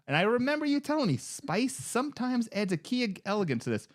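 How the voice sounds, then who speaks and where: Co-host, man, 30s: high, bouncy voice, dry close sound, loose and swearing. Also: a little fast, few pauses, no echo. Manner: animated, profane storytelling. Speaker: podcast co-host. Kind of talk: casual chat.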